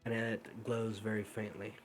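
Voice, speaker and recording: A man's voice: on the low side, moderate pace, faint music behind. Man narrating as game master. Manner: relaxed, loose narration with fillers.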